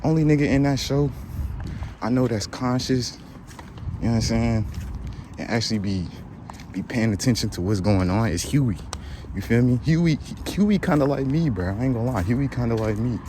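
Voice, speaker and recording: A man's voice: medium pitch, moderate pace, noisy background. A man vlogging casual commentary, slangy and rambling, repeating his fillers.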